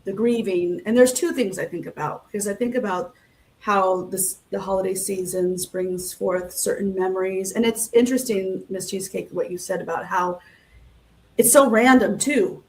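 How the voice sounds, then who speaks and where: A woman's voice: medium pitch, steady tone, moderate pace, a little mellow, a little hiss or hum, poor audio. A woman co-hosting a live talk show, reflective and affirming as she shares her thoughts. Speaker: show co-host.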